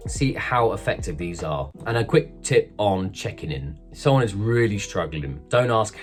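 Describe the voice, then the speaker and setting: A man's voice: deep voice, animated, moderate pace, few pauses, faint music behind. A man talking casually to camera, giving social tips in a chatty, emphatic way. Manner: chatty, emphatic, acts out bland small talk.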